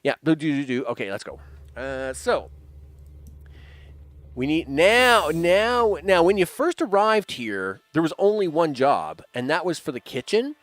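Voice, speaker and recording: A man's voice: a little high, animated, unhurried, fairly bright tone, dry recording. A man giving casual let's-play commentary, chatty, humming and laughing to himself as he plays. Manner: chatty, hums and laughs to himself, many fillers. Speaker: game streamer.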